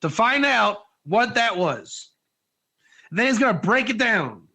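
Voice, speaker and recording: A man giving an informal Torah class, energetic and joking, putting questions to his listeners in a classroom. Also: sits high, takes it slowly. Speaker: Torah teacher.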